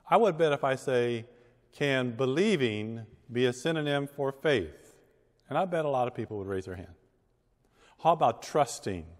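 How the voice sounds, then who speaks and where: A man, a pastor, reading scripture and preaching a sermon with measured, emphatic delivery and deliberate pauses. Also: medium pitch. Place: church sanctuary. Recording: long church reverb.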